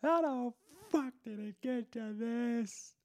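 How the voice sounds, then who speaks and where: A man voicing a despairing, regretful version of his future self in a whiny, squeaky outburst. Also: takes it slowly, exaggerated voice. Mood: whining despair.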